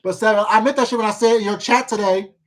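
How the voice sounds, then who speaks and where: Livestream host rambling gossip to chat, curses a lot, calls everyone baby, middle pitch. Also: fairly even intonation, quick pace. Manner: rambling, profane gossip with many repeats and fillers; calls viewers baby and sweetheart. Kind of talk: casual livestream chat reading viewer comments.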